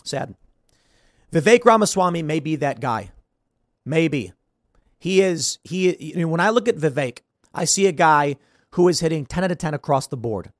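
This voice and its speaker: An animated man rants through casual political commentary, his pitch leaping around and sitting a touch higher than usual. He is sarcastic and swings from loud bursts to mumbled asides, all in a dry, close-miked sound. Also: moderate pace, dry recording. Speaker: podcast host.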